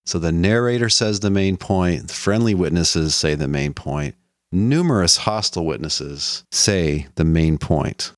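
A man's voice: low-pitched, lively intonation, a little slow, no echo, studio quality. A man giving an explanatory lecture on a biblical text in a conversational teaching manner, lifting his voice when he reads quotations. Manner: conversational teaching, quoting scripture with a lifted voice. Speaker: lecturer on the Bible.

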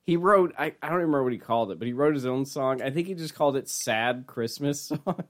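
A man's voice: medium pitch, fast talker. A man chatting casually on a podcast, ranting in exasperation and swearing often.

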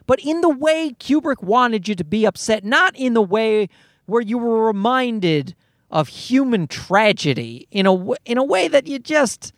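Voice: mid-range voice, dry recording, studio quality. A podcast host ranting casually, swearing often and restarting sentences. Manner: profane, ranting, many restarts.

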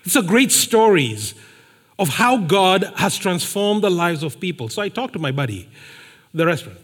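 A male preacher with a notably high voice delivers a sermon full of storytelling. He drives his points home by repeating key phrases. His voice rings out with a long reverb, as if in a large hall. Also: very animated, normal speed, fairly bright tone. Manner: emphatic, repeats phrases for effect.

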